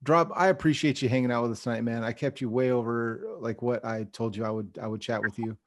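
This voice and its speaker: A man's voice: medium pitch, fairly even intonation, fast talker, no echo, clean studio sound. A man hosting a podcast, telling a rambling story and laughing through his lines. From California. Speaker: podcast host. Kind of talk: casual podcast chat.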